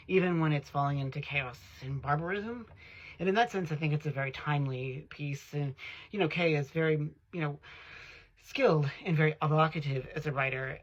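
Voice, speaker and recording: A man's voice: on the high side, fairly bright tone. Rambling male book reviewer, lo-fi sound. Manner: rambling, with many fillers and self-corrections. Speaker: host. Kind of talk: casual book review monologue.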